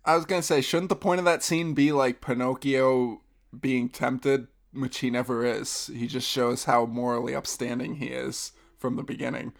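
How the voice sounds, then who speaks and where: A man's voice: medium pitch, level tone, moderate pace, creaky. A man co-hosting a podcast, chatting casually and joking with frequent laughs. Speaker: podcast co-host. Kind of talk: casual chat.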